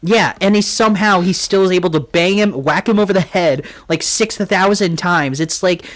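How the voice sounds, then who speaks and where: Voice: mid-range voice, normal speed. A podcast co-host in casual film-review chat, ranting in anger with heavy swearing and constant filler words.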